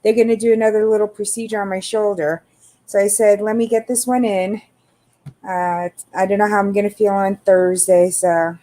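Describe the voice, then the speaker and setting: A middle-aged woman hosting a casual livestream, greeting viewers by name in a relaxed, tired, unhurried way. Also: medium pitch. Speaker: livestream host.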